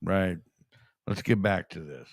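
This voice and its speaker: A man's voice: on the low side, a little slow, gravelly, no echo, clean studio sound. A man hosting a casual chat show, blunt and swearing freely. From California. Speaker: show host.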